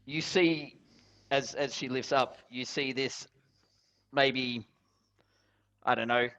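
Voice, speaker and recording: A man narrates a tabletop role-playing session as its game master. His tone is bright and clear, and he rambles, pausing and restarting as he hunts for words. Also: mid-range voice, fairly even intonation. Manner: rambling, halting, with fillers and laughs.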